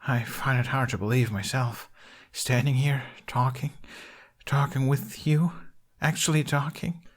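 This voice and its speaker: A man voicing a nervous, gentle young Viking man whose voice quavers and halts. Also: medium pitch, a little slow.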